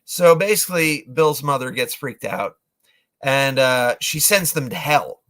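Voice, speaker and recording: A man's voice: medium pitch, measured pace, a bit bright. A man retelling a movie plot casually, rambling with lots of fillers and acting out lines. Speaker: movie reviewer.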